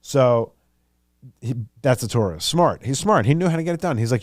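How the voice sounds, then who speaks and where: Animated, rambling male podcast host. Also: mid-range voice, moderate pace, no room sound, studio quality. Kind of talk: casual podcast monologue.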